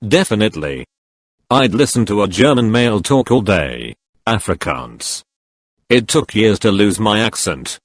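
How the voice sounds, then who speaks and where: A man's voice: fairly low pitch, no echo. A man narrating, reading out online comments one after another. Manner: reads each comment in quick succession.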